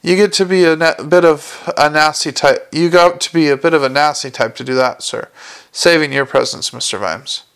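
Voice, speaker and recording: A man's voice: on the high side, normal speed, a bit bright, clean tone. A man doing a nervous mumbling watch corporal. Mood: anxious. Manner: anxious, mumbling, tacks "sir" onto everything. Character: nervous, evasive lowly male city watch corporal.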